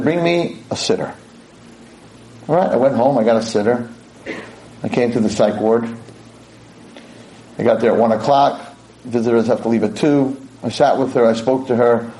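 A man's voice: mid-range voice, mellow, a little hiss or hum, low-quality recording. A male rabbi delivering a dramatic storytelling sermon, emotional and vivid.

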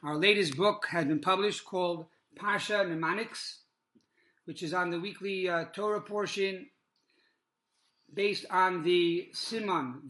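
A man leads a Torah class in a sermon style, with a high voice. His tone is very bright and ringing, and he tells stories slowly with many pauses, dropping Hebrew religious terms along the way. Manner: measured storytelling with frequent pauses and fillers. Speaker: rabbi teaching a Torah class.

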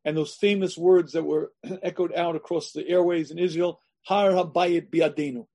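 Emphatic rabbi with a high, mellow voice. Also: male voice, level tone, moderate pace. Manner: emphatic, repeats phrases, clears throat often. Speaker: rabbi giving a lecture. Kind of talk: sermon-style lecture.

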